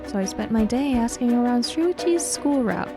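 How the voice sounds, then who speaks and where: A woman's voice: a little high, animated, normal speed. A woman playing a dry, teasing detective. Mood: musing. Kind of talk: game voice-over read live. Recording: game music playing behind.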